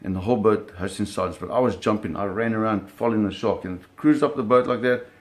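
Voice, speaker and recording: A man telling a personal story in an animated, vivid way, often restarting his phrases. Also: on the low side, fast talker.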